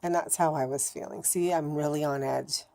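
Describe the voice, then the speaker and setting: A woman with a low, mellow voice talks straight to the camera in a candid video diary. She is blunt and swears freely. Her thoughts ramble, with frequent stops and restarts. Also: steady tone, moderate pace, gravelly. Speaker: vlogger.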